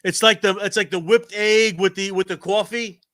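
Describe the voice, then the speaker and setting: High, bright-voiced male host. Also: steady tone, no echo, clean studio sound. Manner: halting questions with many restarts. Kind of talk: casual interview chat.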